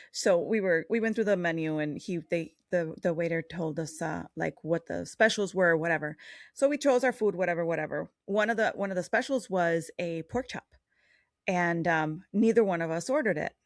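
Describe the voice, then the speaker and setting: A woman's voice: lowish voice, normal speed, no room sound, clean studio sound. A woman co-hosting a podcast who tells long, rambling anecdotes in casual chat. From Chicago. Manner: rambling anecdotes with fillers and restarts. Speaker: podcast co-host.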